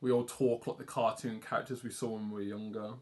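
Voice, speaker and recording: A man's voice: lowish voice, flat delivery, fast, a little mellow. A young man with an English accent, chatting casually and rambling on a livestream while he draws, self-deprecating and swearing now and then. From England. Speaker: art streamer.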